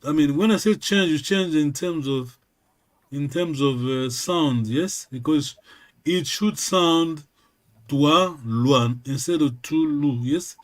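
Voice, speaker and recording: A man who speaks natively, teaching a lesson over a video call, slow and patient, often checking in with a quick "yes?". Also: on the high side. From Congo region, Kikongo-speaking village. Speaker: language teacher. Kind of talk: online language lesson.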